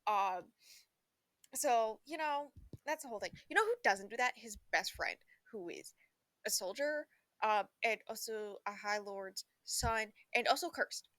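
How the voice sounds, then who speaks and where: Young woman chatting about a book, kinda high voice, lots of ums, dry close mic. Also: lively intonation, fairly bright tone, no room sound. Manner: rambling, filler-heavy, laughs often, breaks into quick acted quotes. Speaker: book vlogger. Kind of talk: casual book review chat.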